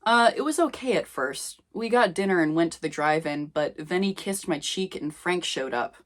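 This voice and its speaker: A woman's voice: fairly low pitch, expressive, normal speed, natural voice. Woman reading as a shy teenage boy. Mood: hesitant. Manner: hesitant, quiet. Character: male teen narrator, shy and hesitant.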